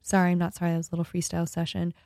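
A woman's voice: lowish voice, completely flat delivery, racing, creaky, dark tone, no echo. A woman hosting a radio show alone in the studio, rambling and joking, often losing her thread. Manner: rambling, jokey, self-interrupting. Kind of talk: rambling solo radio talk.

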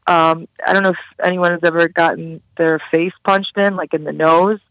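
A woman's voice: lowish voice, little pitch movement, normal speed, fairly bright tone, no room sound, lo-fi sound. A young woman recounting a personal story in an interview, casual and candid with many fillers. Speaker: guest.

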